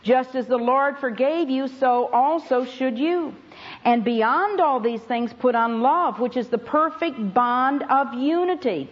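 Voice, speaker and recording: A woman's voice: sits high, muffled recording. A woman Bible teacher giving a sermon to a conference audience, telling stories with emphasis and speaking to them directly.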